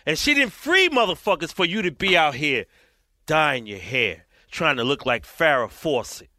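A man's voice: on the high side, sing-song, moderate pace, bright, forceful tone, dry recording, clean studio sound. A man in casual podcast chat, emphatic and profane.

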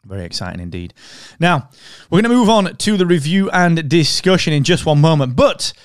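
Enthusiastic male podcast co-host, smooth resonant voice, dry studio sound. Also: a little high, big pitch swings, brisk, dry recording. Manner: enthusiastic, says "mate" and "dude". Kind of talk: casual chat.

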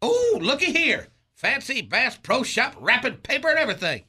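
An actor playing a sweet-natured fast-food mascot in a comedy radio sketch, with a folksy drawl. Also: male voice, extremely high pitch, huge pitch swings, bright, forceful tone, breathy edge, exaggerated voice. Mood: delighted.

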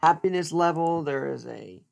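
A man's voice: fairly high pitch, lively intonation, moderate pace, vocal fry. A man hosting a podcast, chatting casually and joking as he thinks aloud, often restarting his words. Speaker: podcast host. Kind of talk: casual solo podcast chat.

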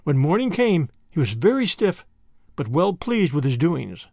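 Lively, gravelly male storyteller. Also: fairly high pitch, a little slow, dry recording, clean studio sound. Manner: dramatic, expressive reading. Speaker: narrator. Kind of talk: storybook narration.

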